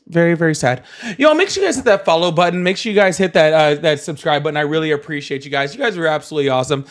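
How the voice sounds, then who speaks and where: A man's voice: a little high, very fast, hardly any pauses. A young man hosting a live call-in political stream, talking casually and mocking his callers with sarcasm.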